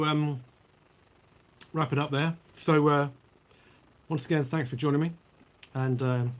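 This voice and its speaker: A man's voice: fairly high pitch, a little hiss or hum, rough recording. A man, chatting casually on his vlog as he reads out trivia, rambling into asides while he eats and drinks. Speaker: vlogger.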